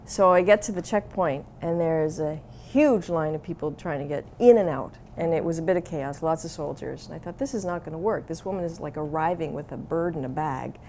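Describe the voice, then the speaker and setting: Canadian lady telling a funny story, kinda low voice, faint hiss behind. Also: a little fast, hardly any pauses, mellow. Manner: chatty, self-mocking storytelling. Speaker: TV correspondent. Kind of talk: casual storytelling chat.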